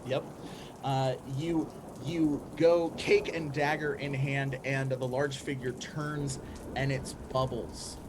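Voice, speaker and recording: A man narrating a tabletop game as game master, pausing often with ums and uhs. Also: medium pitch, flat delivery, noisy background.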